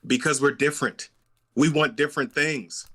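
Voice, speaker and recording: A man's voice: on the high side, fairly even intonation, moderate pace, sharp tone, slightly rough. A young man co-hosting a podcast, arguing his views in a casual, emphatic, repetitive way. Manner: emphatic, opinionated, repeats himself. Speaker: podcast co-host. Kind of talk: casual debate chat.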